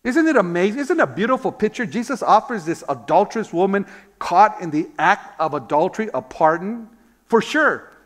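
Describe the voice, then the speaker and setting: A man with a high voice preaches a sermon from the pulpit. He tells a story, throws rhetorical questions at the congregation and calls out amen, now and then repeating a word while he searches for the next. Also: lively intonation, fairly quick, fairly bright tone. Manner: repeats words when searching for them. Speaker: pastor.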